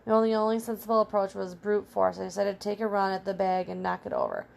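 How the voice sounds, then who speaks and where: A woman's voice: medium pitch, fast talker, gravelly, a little hiss or hum. A woman reading as a small brave male pet hamster, telling his adventure in first person. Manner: earnest, excitable first-person storytelling.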